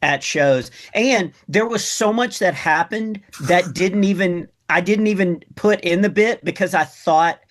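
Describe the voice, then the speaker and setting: A man with a notably high-pitched voice, appearing as a comedian guest in a relaxed chat. He slips in dry, wry jokes as he tells his stories. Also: unhurried, hardly any pauses. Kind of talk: casual conversation.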